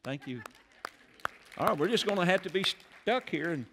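A man preaching a sermon as pastor in a church, animated and rising loud on key phrases. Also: high voice, moderate pace, background noise. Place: church sanctuary.

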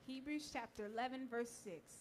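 A woman's voice: a little high, a little hiss or hum. A young woman preaching at church, reading scripture aloud and thanking those in the room. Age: young adult. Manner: fervent tearful prayer, then warm measured preaching. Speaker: youth speaker at church. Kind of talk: sermon. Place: church sanctuary.

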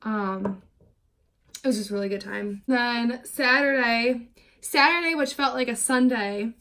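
A woman in her twenties with a medium-pitched voice talks at a normal speed while doing her makeup for a get-ready-with-me vlog. Her rambling stories are full of "like," and she vents in an exasperated way.

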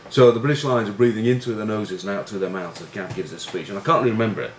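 A man with a lowish voice talks fast with few pauses. Middle-aged and a former rugby player, he tells casual stories, swearing, poking fun at himself and using lots of fillers, in a roomy, echoey space with faint noise.

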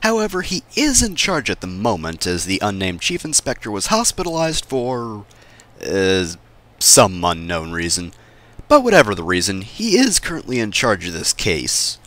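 A man's voice: fairly low pitch, huge pitch swings, moderate pace, fairly bright tone. A man giving sarcastic gameplay commentary, cracking jokes and talking back to the game's characters. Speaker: let's play host.

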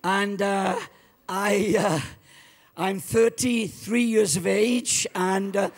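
Welsh pastor guy in his 70s, husky and kinda high voiced, preaching big and lively, hypes the crowd. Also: takes it slowly. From Wales. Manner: exuberant storyteller, rallies the crowd. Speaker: guest pastor. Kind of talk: sermon. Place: church.

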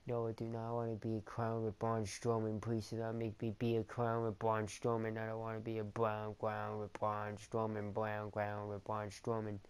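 A man's voice: lowish voice, monotone, moderate pace, hardly any pauses, smooth, lightly acted. A man voicing a reluctant male wrestler who keeps pleading not to be made a clown, in a whiny, repetitive way.

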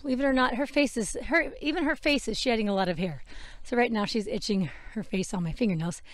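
Outdoors grooming her horse, a podcast host and horse trainer talks casually into a wearable mic. She's chatty and rambling, correcting herself and laughing at her slips, speaking fast in a slightly high voice with no room sound.

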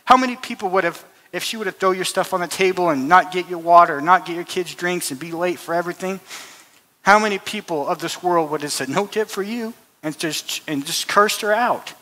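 A man's voice: high-pitched, a little fast, sharp tone. Earnest man preaching in a reverberant church. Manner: earnest, repetitive restarts, storytelling. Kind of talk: sermon with personal story. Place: church hall. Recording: long hall reverb.

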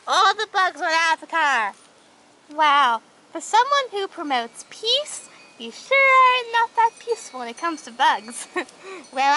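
A woman voicing a whole group of toy characters, chattering and squealing through their banter in a playful role-play. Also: extremely high pitch. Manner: excitable, squealing, chattering banter between figures. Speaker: toy video creator voicing all the characters. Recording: noisy home recording.

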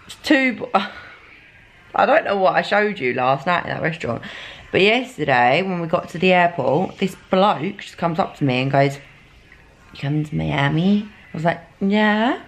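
A woman's voice: on the low side, expressive, moderate pace. Chatty young woman vlogging. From England. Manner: chatty, swears casually, lots of fillers. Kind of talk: casual vlog chat.

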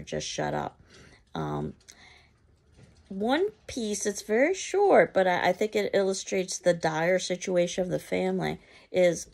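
A woman teacher giving a literature lecture, explaining a play in a measured way with occasional ums and restarts. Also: lowish voice, vocal fry, a little mellow.

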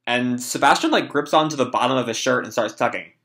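A man's voice: mid-range voice, quick pace, fairly bright tone. A young man reading and reacting to a manga chapter in casual, rambling talk with swearing and lots of fillers.

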